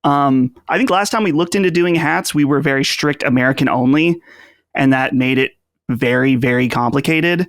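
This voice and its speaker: Hesitant, measured podcast co-host man. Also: medium pitch, a bit bright, dry recording, clean studio sound. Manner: measured, hesitant, lots of ums. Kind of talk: casual podcast chat.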